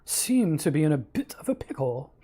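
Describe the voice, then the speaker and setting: A man's voice: on the high side, sing-song, moderate pace, mellow, slightly rough. A man doing a courteous butler robot. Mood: polite, formal. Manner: overly courteous, formal phrasing. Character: polite, butler-like male robot, formal and apologetic.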